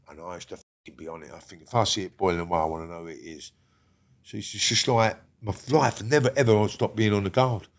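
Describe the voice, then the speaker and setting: An older man, a guest on a podcast, talking bluntly with constant swearing and rambling restarts. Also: deep voice. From England. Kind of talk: casual interview talk.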